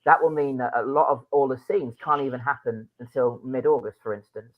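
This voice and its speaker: A man's voice: medium pitch, brisk. A man co-hosting a casual podcast, talking earnestly about casting and restarting his sentences often. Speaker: podcast co-host and drama producer. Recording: phone-like narrow sound.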